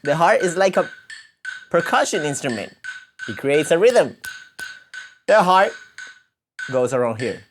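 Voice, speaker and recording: A man's voice: a little high, very animated, a little slow, long pauses, a little hiss or hum. A man teaching a music lesson to children, patiently explaining and counting beats aloud.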